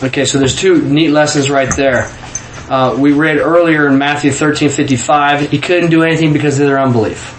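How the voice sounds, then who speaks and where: A man giving an informal sermon full of stories, talking in animated bursts and often repeating words as he goes. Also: a little high, a little fast. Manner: animated, repeats words when excited, southern 'y'all'. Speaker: preacher. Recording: echoey room with faint background noise.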